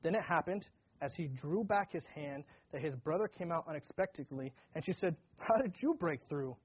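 Husky pastor man, casual Bible talk. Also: on the high side, animated, moderate pace. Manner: conversational, acts out dialogue animatedly. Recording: dull lo-fi recording.

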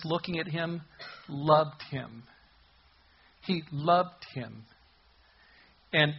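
A man preaching a sermon in an earnest, emphatic way, slowing down to stress key words. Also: a little high, breathy edge, lo-fi sound. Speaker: pastor.

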